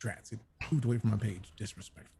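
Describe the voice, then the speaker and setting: A man's voice: lowish voice, fairly even intonation, quick pace, creaky, warm tone, husky. A man playing a tabletop game who checks the rules and reads out his abilities. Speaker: player. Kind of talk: casual game chat.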